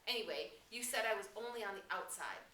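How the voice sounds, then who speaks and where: Lady putting on a shrill stubborn schoolboy, keeps insisting, bright voice. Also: brisk, close to an everyday voice. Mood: insistent. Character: anxious, stubborn chubby schoolboy. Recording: roomy room, distant mic, faint hiss.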